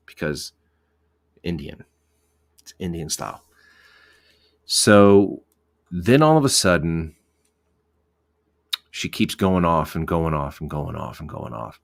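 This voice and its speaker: A police officer telling a work story in a rambling, profane way, with many restarts. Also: male voice, deep voice, animated, slow, vocal fry, long pauses. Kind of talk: casual podcast storytelling.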